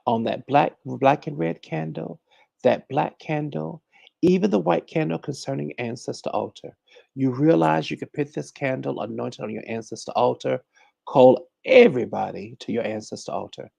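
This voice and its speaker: This conjure teacher runs a laid-back livestream, chatting, teaching, saying hello to viewers by name and addressing everyone as honey. His voice is medium-pitched, creaky and dark in tone, at a moderate pace. No room sound is audible.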